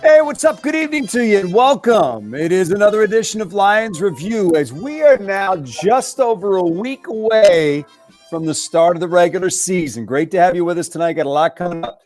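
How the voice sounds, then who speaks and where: A man hosting a casual sports radio talk show, upbeat and teasing with quick asides. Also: high voice, animated, darkish tone, faint music behind. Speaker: radio play-by-play voice and show host.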